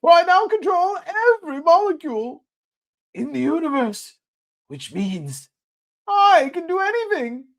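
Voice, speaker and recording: High shrill supervillain, loud, gloating, comic panel reading. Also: male voice, very animated, a little slow, exaggerated voice. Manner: shrill, shouting triumphant boasts. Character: gloating all-powerful male supervillain.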